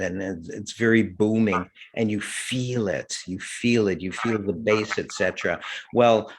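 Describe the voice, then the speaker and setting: Male host, lowish voice, measured and earnest, conversational interview.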